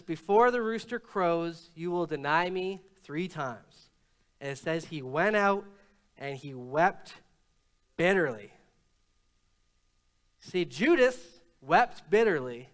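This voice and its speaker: Guy pastor preaching in church, high smooth voice, acts out the bible bits. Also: fairly bright tone. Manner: storytelling preacher, quotes scripture and acts out lines with shifts in pitch and pace. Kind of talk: sermon.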